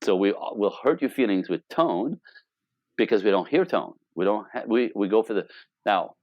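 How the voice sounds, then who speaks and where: Lively, low-voiced man coaching couples. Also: moderate pace, no room sound, highs cut off. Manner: animated, joking storyteller who acts out quoted dialogue. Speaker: relationship coach. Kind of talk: casual interview chat.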